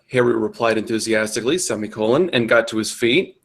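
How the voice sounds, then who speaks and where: A man's voice: fairly low pitch, quick pace, fairly bright tone. Young male co-host, comedic dramatic reader, exaggerated voices, exasperated. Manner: reads with exaggerated character voices and exasperated asides. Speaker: co-host reading fanfiction aloud.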